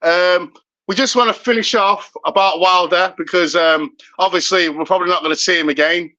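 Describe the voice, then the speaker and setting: Bright-voiced British man, chatty podcast host. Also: high voice, fairly even intonation, normal speed. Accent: British English. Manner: chatty, laughs often. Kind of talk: casual chat. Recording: dull lo-fi audio.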